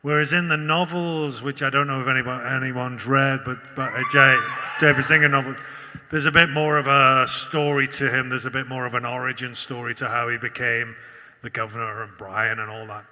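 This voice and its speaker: A man's voice: medium pitch, flat delivery, normal speed, pushed and bright, slight background noise. Thoughtful British man on a panel stage. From United Kingdom. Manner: thoughtful and rambling, with many restarts. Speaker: actor and panel guest. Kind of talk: convention panel Q&A. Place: large convention auditorium. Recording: long hall reverb.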